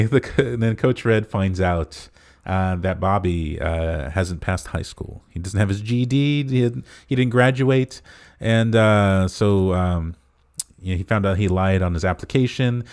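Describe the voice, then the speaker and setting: A man with a low, deep voice chatting casually about a film on a podcast. He wanders through the plot with frequent "uh" pauses, relaxed and unscripted. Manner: rambling plot recap full of "uh" fillers. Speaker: podcast co-host. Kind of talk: casual movie review chat.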